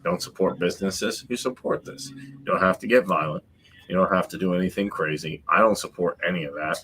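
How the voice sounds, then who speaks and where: Male podcast host, very low voice, blunt emphatic commentary. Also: fairly quick, sharp tone, a little hiss or hum. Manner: emphatic, repeats points, mocking asides.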